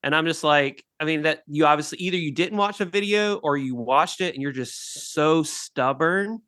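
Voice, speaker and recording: A man co-hosting a casual gaming podcast, talking in an animated and emphatic way. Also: fairly high pitch, moderate pace, clear, resonant tone, dry recording. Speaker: podcast co-host.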